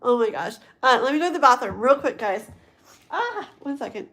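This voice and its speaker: A woman's voice: high-pitched, very animated, normal speed, fairly bright tone. A woman giving a livestream tarot reading, rambling and often checking in with her listeners. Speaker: tarot reader.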